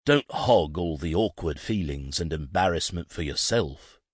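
A man's voice: low voice, expressive, measured pace, breathy edge, dry recording, studio quality, full character voice. A man voicing a confident, wry male detective who reassures his nervous friend. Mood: reassuring.

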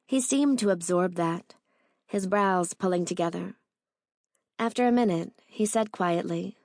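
A woman narrating a first-person romance audiobook in a measured, intimate way. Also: on the low side, darkish tone, no room sound, studio quality.

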